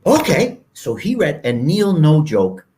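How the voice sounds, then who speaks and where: A man in his sixties from Canada, a guest telling stories in an animated, casual way, often acting out other people's voices. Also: on the high side, measured pace, a little hiss or hum. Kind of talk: casual storytelling interview.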